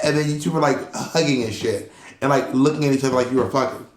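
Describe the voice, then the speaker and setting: A man co-hosting a podcast in casual chat, an animated storyteller who acts out the people he quotes. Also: medium pitch, brisk. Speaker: podcast co-host. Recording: roomy echo.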